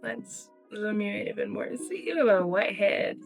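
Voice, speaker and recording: A young woman vlogging to camera in a casual, tired, rambling way, with a low, quiet voice. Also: very animated, a little slow, gravelly, music in the background.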